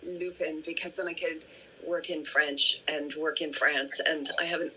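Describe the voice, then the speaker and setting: A woman's voice: low-pitched, steady tone, moderate pace, pushed and bright, slight background noise, rough recording. A woman actor on a fan panel, chatting casually about her favourite work.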